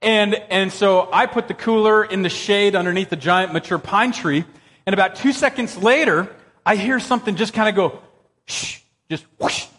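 A man preaching a sermon, telling a personal story in an animated, excitable way that jumps up into high exclamations. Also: moderate pace. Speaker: pastor. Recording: long reverb of a church hall.

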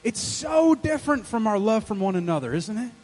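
A male pastor gives an animated, humorous sermon and keeps asking the congregation questions. His voice is husky and high, and its pitch swings widely. A long reverb fills the church hall. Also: fairly quick. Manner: animated, joking, quizzing the congregation. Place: church sanctuary.

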